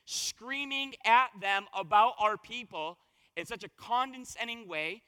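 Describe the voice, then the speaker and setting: A man preaching a conversational sermon as pastor, his voice a little hoarse, telling stories and asking the congregation questions. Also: sits high, measured pace, bright, forceful tone, in a large hall. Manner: conversational, storytelling with rhetorical questions. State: slightly hoarse voice.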